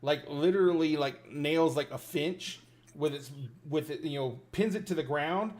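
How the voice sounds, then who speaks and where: Male game master, casual, filler-heavy narration, slightly high voice. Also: moderate pace, a little mellow.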